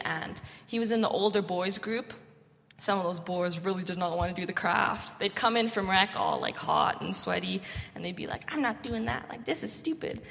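A woman's voice: mid-range voice, fairly bright tone. Chatty young woman in a reverberant hall. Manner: chatty, lots of "like" fillers. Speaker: camp volunteer sharing stories. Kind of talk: casual storytelling talk.

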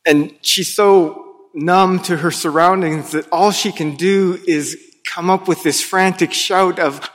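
A man preaching an Easter sermon as pastor of a church, telling the story slowly and dramatically with hushed pauses. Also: high voice, fairly even intonation. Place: church sanctuary. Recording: long reverb of a large hall.

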